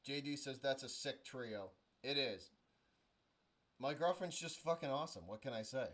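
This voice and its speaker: A man's voice: medium pitch, lively intonation, moderate pace, fairly bright tone. A young man hosting a charity stream, chatting casually, telling stories with lots of restarts and swearing. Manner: casual, profane, storytelling with many restarts. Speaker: stream host.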